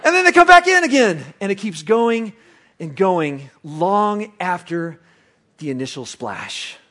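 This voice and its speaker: Animated man preaching a sermon. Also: high-pitched, unhurried. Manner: animated storytelling, swinging from loud excited bursts to quiet reflection. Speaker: pastor. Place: church service.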